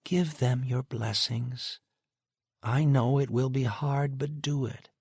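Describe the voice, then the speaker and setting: Man doing a middle-aged woman, pleading, insistent, higher voice, gravelly. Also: fairly even intonation, takes it slowly, darkish tone, no room sound, clean studio sound, exaggerated voice.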